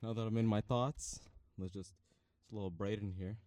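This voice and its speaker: Young man, casual rambling, playful, fairly low voice, dry close sound. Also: steady tone, brisk, dry recording. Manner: playful, rambling, bursts into loud shouts. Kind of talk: casual mic-testing rambling.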